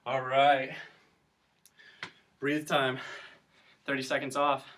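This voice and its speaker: A man's voice: fairly high pitch, steady tone, slow, pauses often, a bit bright. Upbeat male teacher leading a workout. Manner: encouraging, counts down reps, explains as he exercises. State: breathing heavier from exercise. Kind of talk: instructional exercise video. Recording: voice distant from the mic.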